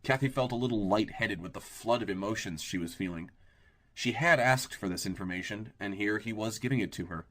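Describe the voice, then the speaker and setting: This is a male audiobook narrator with a fairly low voice and a slightly quick pace. He tells the story in a steady, even way.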